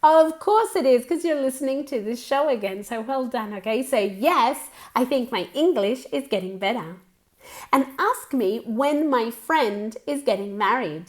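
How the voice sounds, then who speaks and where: A woman's voice: on the high side, lively intonation. Bilingual woman teacher drilling phrases. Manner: repeats phrases slowly for practice, chatty asides. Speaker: English teacher. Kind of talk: bilingual language lesson.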